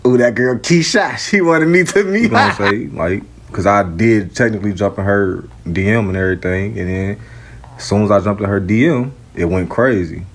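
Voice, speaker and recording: A man's voice: on the low side, animated, normal speed. A man telling a loose, joking storytime. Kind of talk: casual storytime.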